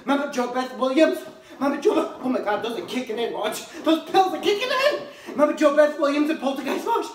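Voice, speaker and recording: A woman's voice: sits high, animated, fast. A woman playing a brash, gossipy friend who rambles, swears and keeps saying her friend's name, in a comic monologue to camera. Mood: frantic. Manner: rambling, profane, says the friend's name constantly. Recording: echoey room.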